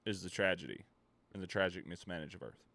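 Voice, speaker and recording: A man's voice: deep voice, lively intonation, fast, vocal fry. Profane rambling male streamer. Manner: rambling, profane, reads chat and riffs loudly. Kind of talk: casual ranting stream chat.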